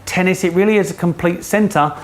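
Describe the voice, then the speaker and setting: Upbeat male co-host, a touch high, casual and jokey. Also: a little fast. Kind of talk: casual chat.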